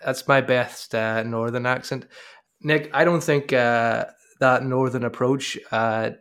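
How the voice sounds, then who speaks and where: A man's voice: mid-range voice, steady tone, takes it slowly, a bit bright, smooth. A man hosting an interview, chatting casually in a playful, hesitant way with many fillers. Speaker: podcast host.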